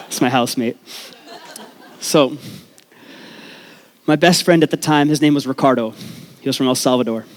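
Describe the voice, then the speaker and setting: A young man from Canada, telling a comic personal story on stage before a live audience, joking at his own expense and swearing freely. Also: medium pitch. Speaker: speaker at a storytelling event. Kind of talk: comedic personal storytelling talk.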